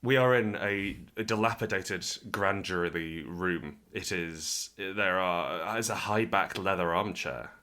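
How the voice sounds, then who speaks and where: A man guesting on a comedy podcast, joking in a wry, quick-witted way. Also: deep voice, sharp tone. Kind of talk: comedic improvised chat.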